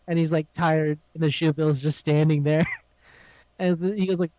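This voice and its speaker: A high-pitched man co-hosts a casual podcast, recapping an anime with lively energy at a moderate pace. He acts out the characters' lines and laughs often, and his voice sounds dry and close in a slightly dull recording.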